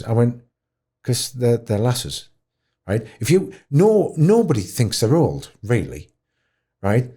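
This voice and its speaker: A middle-aged man with a broad Yorkshire accent tells stories as a podcast guest. His voice is warm and mellow and his pitch rises and falls in big swoops. He mocks himself as he talks. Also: slightly rough. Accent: Yorkshire English. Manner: expressive, swoops high for quoted voices, self-mocking. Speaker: podcast guest, dementia advocate. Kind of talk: animated storytelling in conversation.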